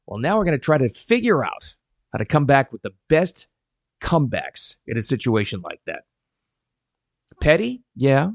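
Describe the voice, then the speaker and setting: A middle-aged man giving casual advice to camera, animated and emphatic. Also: fairly high pitch, a little fast, no echo. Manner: animated and emphatic, quoting people in voices. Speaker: parenting advice vlogger.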